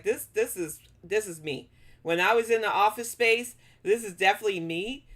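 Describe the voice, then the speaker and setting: A woman's voice: mid-range voice, a bit bright. Blunt woman hosting a live stream. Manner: blunt, scolding toward chat trolls. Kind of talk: casual live-stream commentary.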